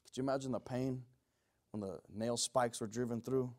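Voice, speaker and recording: A man preaching a sermon, moving from quiet, pleading passages to loud, shouted ones. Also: medium pitch, steady tone, normal speed.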